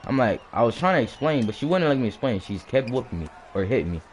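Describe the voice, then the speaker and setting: Animated man telling a story. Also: mid-range voice, quick pace, slight background noise. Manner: animated, repeats and restarts, acts out hits with sound words. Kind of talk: casual personal storytelling.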